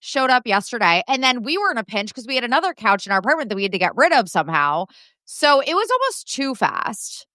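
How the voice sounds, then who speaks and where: Bright-voiced chatty woman. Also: a little high, sing-song, dry recording, studio quality. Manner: chatty, quick asides, fond of "like". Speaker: podcast co-host guest. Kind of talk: casual pop culture chat.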